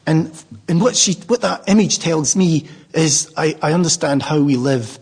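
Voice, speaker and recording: A man's voice: on the high side, normal speed, a little mellow, slightly rough. An older man with a Glaswegian Scottish accent, a Buddhist speaker telling a rambling, humorous story to a live audience.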